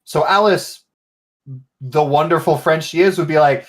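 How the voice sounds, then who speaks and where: A man running a tabletop game, narrating scenes and laughing as he quotes the characters. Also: on the high side. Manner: laughing, swearing, acting out characters in quick quotes. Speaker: game master.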